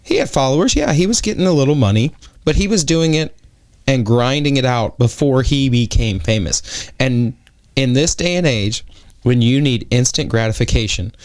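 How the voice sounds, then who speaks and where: A man's voice: mid-range voice, animated, moderate pace, darkish tone. A man co-hosting a podcast, talking in an emphatic, opinionated and blunt way in a casual discussion. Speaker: podcast co-host.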